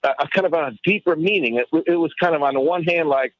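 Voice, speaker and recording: Halting middle-aged man on a dull line. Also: fairly high pitch. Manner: halting, restarts often, grows excited. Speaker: radio show guest. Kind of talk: call-in radio talk. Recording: dull dry radio line.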